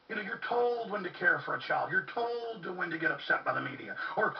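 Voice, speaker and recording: In a muffled, distant, lo-fi recording with slight background noise, a high-voiced man hosts a talk radio show. He rants fast and expressively with vocal fry and few pauses, delivering an impassioned monologue full of urgent repetition.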